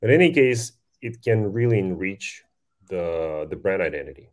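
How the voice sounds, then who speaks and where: A man speaking as a guest on a podcast interview, talking quickly and eagerly with frequent restarts. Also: sits low, lively intonation. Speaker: podcast guest, voice-tech company founder.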